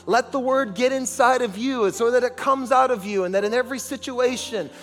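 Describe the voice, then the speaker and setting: Emphatic pastor in a large reverberant church. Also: male voice, extremely high pitch, a little fast, a bit bright, slight background noise. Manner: emphatic, calls for congregation responses. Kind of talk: sermon.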